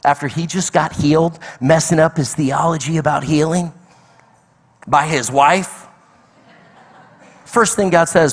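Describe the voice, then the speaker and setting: A man's voice: a little high, a little slow, long pauses, breathy edge. A middle-aged man preaching a sermon as guest speaker, telling a story animatedly and acting out the people in it. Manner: animated storytelling with acted-out quotes. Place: large church hall. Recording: long hall reverb.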